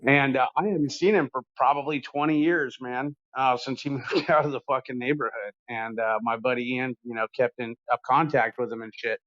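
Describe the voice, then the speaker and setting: A man of middle pitch chats on a podcast, wandering through a long anecdote with plenty of swearing and filler. He sounds easygoing and loose. The recording is a bit dull and lo-fi. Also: steady tone, normal speed, few pauses, a bit bright. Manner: rambling, profane, laid-back. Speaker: podcast host. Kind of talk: casual storytelling chat.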